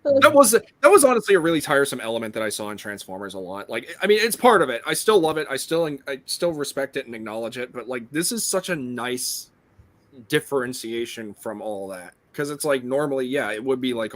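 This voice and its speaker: Male podcast co-host, upbeat and chatty, mid-pitched voice. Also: sing-song, fairly quick, fairly bright tone. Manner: enthusiastic, laughs often. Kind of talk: casual chat.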